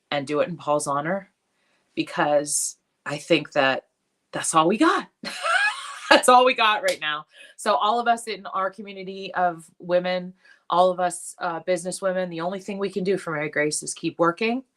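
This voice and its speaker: A woman hosting a casual live stream for her followers, emotional and tearful, speaking in a heartfelt, halting way with many pauses and fillers. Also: fairly low pitch, a bit bright. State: tearful, has been crying. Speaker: jewelry business live-stream host.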